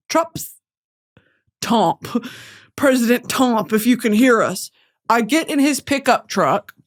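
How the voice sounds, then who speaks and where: A woman from Texas hosting a comedic podcast, animated and profane as she rants straight to the audience. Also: high-pitched. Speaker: podcast host.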